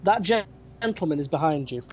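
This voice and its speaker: A game master narrating a tabletop role-playing game, pausing often with ums and restarts. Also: mid-range voice, animated, a little hiss or hum, poor audio. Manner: hesitant, many ums and restarts.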